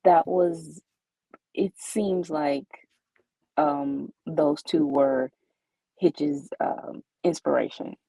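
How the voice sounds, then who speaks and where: Low husky woman, casual podcast co-host. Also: fairly even intonation, drawn-out words, dark tone, no room sound, poor audio. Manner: hesitant, short remarks. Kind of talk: casual comic book discussion.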